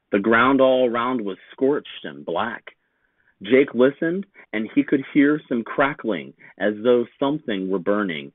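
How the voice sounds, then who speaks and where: A man, a teacher, reading a children's picture book aloud with slow, very expressive storytelling. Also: medium pitch, dry recording. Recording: tinny phone-like sound, dry.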